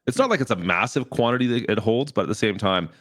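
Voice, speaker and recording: A man co-hosting a casual gaming podcast, relaxed, agreeable and teasing. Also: fairly low pitch, fast talker, dry recording, studio quality. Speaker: podcast co-host.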